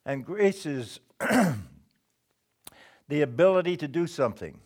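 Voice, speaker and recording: A man preaching a sermon in a slow, deliberate way, pausing often and clearing his throat now and then. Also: fairly high pitch, lively intonation, a little mellow.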